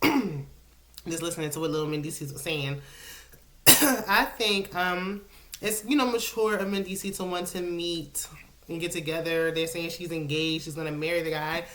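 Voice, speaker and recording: Deep-ish woman doing a reality tv recap, chatty and opinionated, clearing her throat a lot. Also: fairly bright tone. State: coughing, with a lozenge in her mouth. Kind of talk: casual chat. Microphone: solo recording setup.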